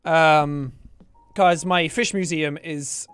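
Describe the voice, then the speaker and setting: A man giving a jokey, animated let's play commentary, swearing and talking to himself as he plays. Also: on the high side, slow pace, smooth, dry recording. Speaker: gaming streamer.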